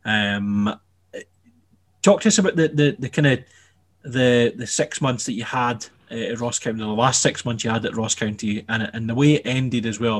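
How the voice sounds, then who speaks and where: Husky Scottish male interviewer. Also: medium pitch. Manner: hesitant, lots of fillers and restarts. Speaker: interviewer, host. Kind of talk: interview questions.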